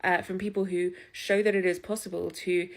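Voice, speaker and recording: A woman speaks earnestly to camera in a social media clip, explaining herself. Her voice sits lowish and turns gravelly. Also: level tone, fairly quick. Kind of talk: talking to camera.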